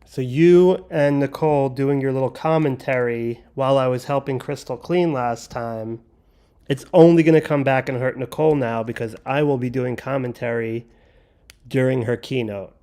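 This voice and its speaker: A man's voice: mid-range voice, normal speed, warm tone, smooth. A man hosting a livestream, chatting casually and joking while he builds. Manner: rambling, joking, talks while handling pieces. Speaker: livestream host.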